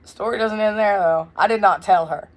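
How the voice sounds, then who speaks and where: A young woman telling a wild story in a casual, blunt, profane way, loud and animated. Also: mid-range voice, brisk. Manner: blunt, profane, swears freely. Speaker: vlogger.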